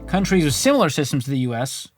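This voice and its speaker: A man's voice: on the high side, big pitch swings, quick pace, over music. A man hosting a personal finance reaction show, giving casual, comedic commentary in a wry, sarcastic, jokey way.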